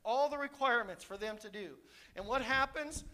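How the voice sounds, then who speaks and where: Bright-voiced preaching man, high and forceful. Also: moderate pace. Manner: passionate preaching that swings from shouts to soft asides. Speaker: pastor. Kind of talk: sermon.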